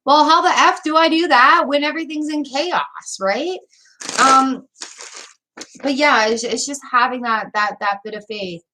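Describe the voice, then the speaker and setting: A woman's voice: sits high, unhurried, pushed and bright. Gushing, teary woman tarot reader. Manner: gushing, emotional, talks straight to viewers. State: teary, weepy. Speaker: tarot reader hosting a livestream. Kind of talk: live tarot reading chat.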